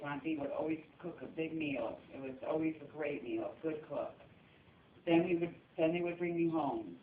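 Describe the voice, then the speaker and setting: A woman reading a funeral eulogy as steady storytelling about family memories. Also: low-pitched, a little hiss or hum. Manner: steady storytelling, breaking into laughs. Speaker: eulogy speaker. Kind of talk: funeral eulogy read from notes. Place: funeral service room. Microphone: phone recording from the audience. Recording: echoey room, distant dull phone audio.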